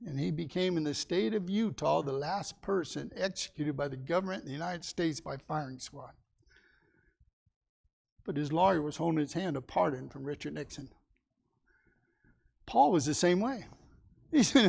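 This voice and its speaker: A man's voice: fairly high pitch, lively intonation, normal speed, vocal fry, pauses often, a little mellow, husky. A man teaching a Sunday Bible class in a folksy way, asking his listeners questions and acting out the people in the story.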